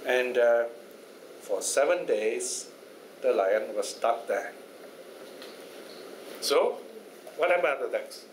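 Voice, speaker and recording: A man's voice: mid-range voice, animated, slow, pauses often. Man telling a fable in class. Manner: conversational, checks in with listeners often. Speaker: Buddhist teacher. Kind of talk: storytelling in a study class. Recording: echoey room, faint noise.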